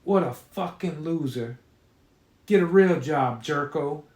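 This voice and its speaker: A man voicing a foul-mouthed, impatient mother who yells and curses. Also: on the high side, takes it slowly. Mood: scolding. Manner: yelling, cursing, bossy. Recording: roomy echo.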